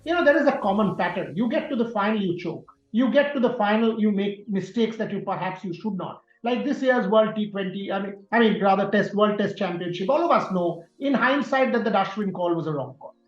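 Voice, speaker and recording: A man's voice: high voice, expressive, brisk, few pauses. A man answers interview questions with firm, emphatic conviction and hammers home key words by repeating them. His voice sits in a reverberant room. The sound is a little muffled, with faint music underneath. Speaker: sports journalist guest.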